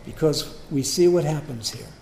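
A man's voice: fairly high pitch, lively intonation, normal speed, creaky, darkish tone, echoey room, slight background noise. A man preaching a sermon, reading scripture and acting out the characters with humor and drama. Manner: dramatic, acts out biblical voices with humor.

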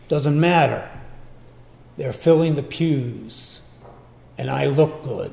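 A man preaching a sermon, swinging between loud emphatic lines and quiet low asides, and acting out boastful voices in quick quoted bits. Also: vocal fry, a little hiss or hum.

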